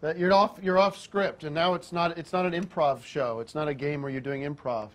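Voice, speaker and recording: A man hosting a comedic film show in a fairly high voice. He is bossy and impatient, snapping out direction and cursing freely. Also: steady tone, fairly quick. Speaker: host.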